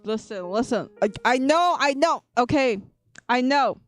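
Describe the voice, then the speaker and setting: Playful high-voiced woman streamer. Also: expressive, unhurried, soft background music. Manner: playful, teasing, repeats words, laughs often. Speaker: VTuber streamer. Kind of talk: live-stream chat with viewers while drawing.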